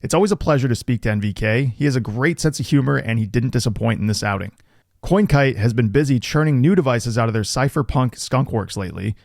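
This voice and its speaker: Gravelly-voiced male podcast host. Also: mid-range voice, quick pace, a little mellow, dry recording, studio quality. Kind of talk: casual podcast chat.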